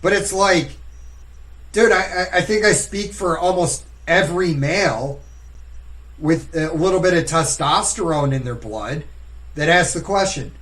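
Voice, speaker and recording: A man with a fairly high voice rants bluntly and with plenty of profanity on a casual podcast. He takes his time and lets each point land slowly. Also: a bit bright, low-quality recording.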